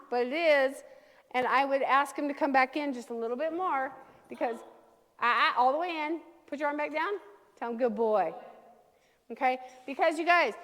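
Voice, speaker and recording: A woman with a high voice runs a dog training class, coaching owners step by step. She keeps checking in with a quick "okay?" as she explains. Her voice carries a long reverb, as if recorded in a hall. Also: a bit bright.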